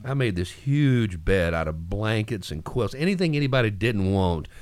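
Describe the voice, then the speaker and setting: Animated radio host, lively voice. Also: male voice, fairly low pitch, normal speed, no echo. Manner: animated, acts out voices in his stories. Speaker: radio morning show host. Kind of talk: casual radio chat and storytelling.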